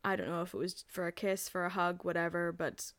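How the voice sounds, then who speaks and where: A young woman from Northern Ireland, a podcast co-host, telling a story in casual chat and acting out quotes in high, excited voices. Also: a little fast, no echo. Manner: animated storyteller, acts out quotes in high voices, laughs often.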